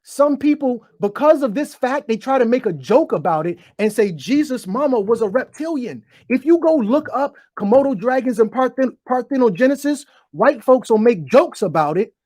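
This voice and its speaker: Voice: medium pitch, expressive, moderate pace, hardly any pauses, darkish tone, no room sound, studio quality. A host giving a profane, preachy monologue to viewers, stuttering as they go, talking into a desk microphone. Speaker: online show host. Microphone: desk microphone, bumped while talking.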